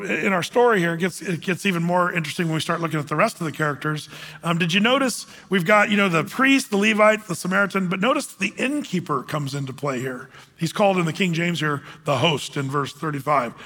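Male pastor, sermon, animated, quizzes the congregation; high bright voice, long hall reverb. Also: quick pace. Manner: animated, asks the congregation questions.

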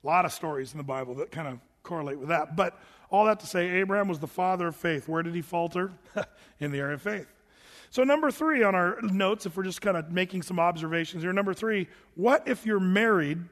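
High-voiced pastor in a reverberant hall. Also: male voice, fairly quick. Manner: conversational, animated, with asides and chuckles. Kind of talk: sermon.

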